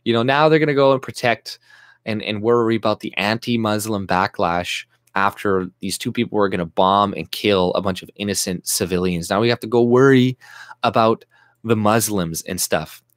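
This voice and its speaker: A man's voice: fairly low pitch, moderate pace, no room sound, studio quality. A man delivering an agitated, profane, sarcastic political rant to camera, often restarting his sentences. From Canada. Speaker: YouTube commentator.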